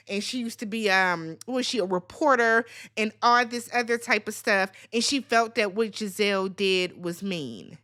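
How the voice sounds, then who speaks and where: Sassy, bright-voiced woman ranting. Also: medium pitch. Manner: sassy, blunt and profane, swinging into loud squeals. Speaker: recap channel host. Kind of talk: casual reality TV recap rant.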